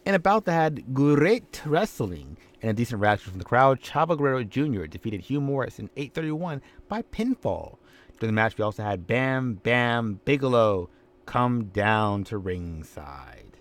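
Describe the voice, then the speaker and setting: A man's voice: medium pitch, big pitch swings, normal speed. A man casually narrating a wrestling game playthrough in an offhand, rambling way. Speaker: game commentator.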